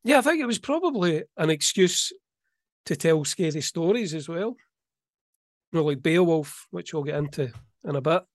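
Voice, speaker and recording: A middle-aged man chatting as a podcast co-host. His voice sits a little high and bright, and his delivery is relaxed and wry, with a touch of self-mockery. The sound is close and dry, with no room in it. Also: moderate pace, dry recording. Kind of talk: casual chat.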